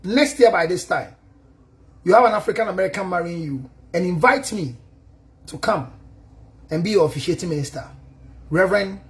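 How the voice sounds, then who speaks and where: An emphatic male counselor with a notably high voice delivers a speech of thanks and advice. He switches between languages as he talks and laughs readily at his own jokes.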